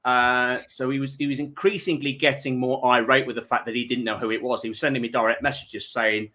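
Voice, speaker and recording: A man's voice: mid-range voice, little pitch movement, fairly quick, sharp tone. A man hosting a charity livestream, telling a long prank story with chuckles and rambling asides. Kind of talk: casual chat, telling an anecdote.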